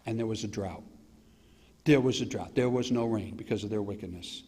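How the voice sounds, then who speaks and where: A lively American pastor with a lowish, slightly rough male voice preaches briskly in a church sanctuary. He tells animated stories, throws in mocking asides, and acts out quotes. The live church stream carries long hall reverb.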